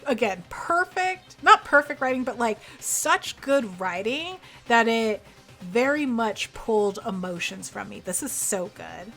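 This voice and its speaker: A young woman game streamer chats casually while playing, venting in emphatic bursts full of expletives. Her fairly high, fairly bright voice has lively intonation and an unhurried pace, with faint background music in the stream.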